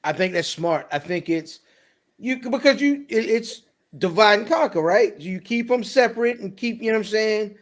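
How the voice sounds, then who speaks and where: A man's voice: sits high, moderate pace. A man co-hosting a podcast in casual sports chat, loose and slangy, laughing often. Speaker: podcast co-host.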